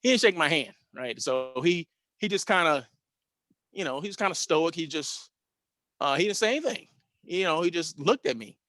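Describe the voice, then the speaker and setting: A man in his fifties hosting a show, telling a personal anecdote in a casual, animated way with frequent tag questions. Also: fairly high pitch, moderate pace, dry recording. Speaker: host.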